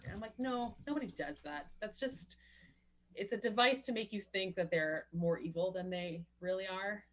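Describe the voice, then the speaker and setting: A woman's voice: fairly low pitch, brisk. Opinionated woman co-hosting a film podcast. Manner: opinionated, animated, acts out quotes. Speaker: podcast co-host. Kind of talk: casual chat.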